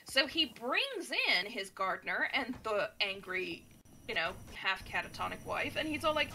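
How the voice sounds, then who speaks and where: Chatty bright-voiced woman gamer. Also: a little high, moderate pace, a little hiss or hum. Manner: chatty, animated, many fillers. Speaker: gaming streamer. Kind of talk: casual storytelling while playing a game.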